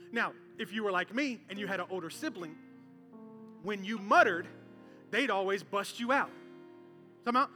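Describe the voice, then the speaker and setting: A man preaching with a very high, bright, ringing voice, talking to the crowd as if in conversation. He slips into voices for the people in his story and drops low for the serious points. Soft guitar plays faintly behind him. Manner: animated storytelling, acting out characters with voices. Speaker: pastor. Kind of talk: sermon.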